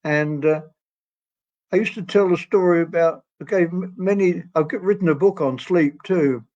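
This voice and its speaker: Man in his 80s, guest storyteller, higher pitch, meandering and genial, dull lo-fi sound. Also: moderate pace. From England. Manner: gentle, rambling, laughs often. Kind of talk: storytelling interview. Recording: dull lo-fi audio.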